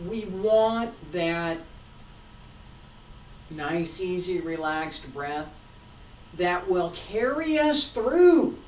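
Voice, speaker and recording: A woman teaching a martial arts class, calmly coaching breath and movement and repeating cues. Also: on the low side, very slow, pauses often. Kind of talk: class instruction while practicing. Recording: roomy, from a distance with faint noise.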